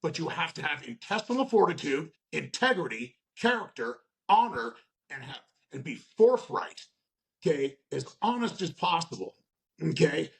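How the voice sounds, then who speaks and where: Gravelly, blunt union steward man. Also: on the high side, very animated, normal speed. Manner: blunt, profane, tags lines with "okay?"; acts out workplace scenarios in quoted voices. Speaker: union shop steward guest. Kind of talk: casual podcast conversation.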